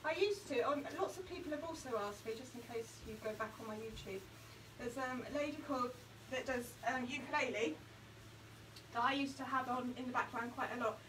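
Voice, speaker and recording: Her voice is high and brisk, and the room makes it reverberant. This woman, born near Liverpool, England, is painting in a craft video, chatting, laughing, and spinning animated stories. The hot indoor studio and distant mic leave noticeable background noise.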